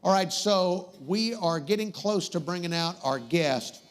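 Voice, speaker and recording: A man delivers a comedic talk show monologue. He rambles and cracks jokes, and his voice sits fairly high for a man. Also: animated, unhurried. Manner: rambling, wisecracking, easily sidetracked.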